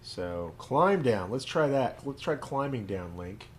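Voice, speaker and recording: Casual: rabbi guy narrating his gameplay, jokey, pitch bouncing all over, mid-range voice. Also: sing-song, measured pace, a little hiss or hum. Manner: playful, joking asides. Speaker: rabbi and host. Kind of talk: let's play commentary.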